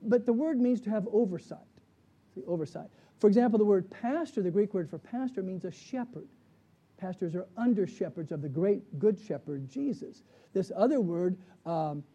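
A man's voice: sits high, dark tone. A man, a pastor, leading a conversational Bible study, often checking in with the class with questions.

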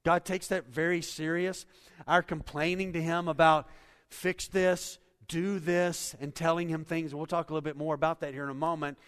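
A man preaching a sermon, animated, acting out quotes and swinging between loud and soft. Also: a little high, normal speed, smooth. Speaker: pastor. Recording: hall reverb.

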